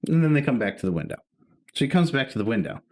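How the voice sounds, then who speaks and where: A man's voice: mid-range voice, very fast, gravelly. A man co-hosting a podcast, telling a story in casual chat, swearing and acting out the dialogue. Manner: animated, swearing, acts out dialogue. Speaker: podcast co-host.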